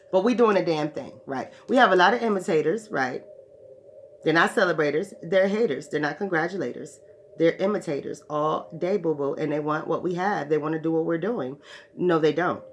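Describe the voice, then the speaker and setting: A woman's voice: on the low side, fairly bright tone. A woman teaching spiritual ideas to her followers in a profane, emphatic monologue, often checking in with "right". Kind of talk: preaching monologue.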